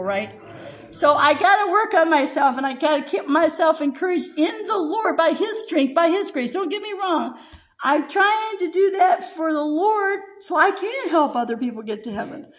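An older woman preaches with a notably high voice, telling a personal testimony with feeling. She laughs often as she speaks and turns tearful in places, in an earnest church-sermon manner. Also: lively intonation, moderate pace, low-quality recording. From United States.

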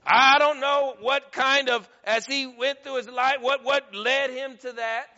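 A preacher with a high, bright voice delivers his sermon unhurriedly and with fairly even intonation, pressing his points emphatically until he nearly shouts, then dropping low. The recording sounds dull and muffled, with long reverb after each phrase.

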